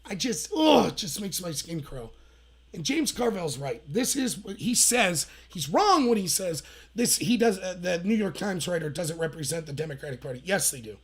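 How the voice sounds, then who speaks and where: A man in his thirties hosts a commentary stream with a somewhat high voice. He tells his stories in a heated, sarcastic way, full of scorn. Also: expressive, moderate pace. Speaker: political commentary host. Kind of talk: opinionated livestream commentary.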